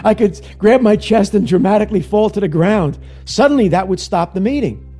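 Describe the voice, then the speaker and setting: Gravelly, husky man, wry recollection. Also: high-pitched, fairly quick, dark tone, faint music behind. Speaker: interviewee. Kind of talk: reflective recollection.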